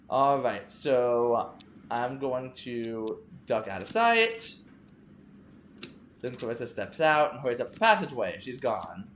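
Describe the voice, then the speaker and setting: A woman's voice: very deep voice, lively intonation, slow pace, reverberant, slight background noise. A woman commenting on her gameplay, musing aloud as she weighs her choices. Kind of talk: let's play commentary.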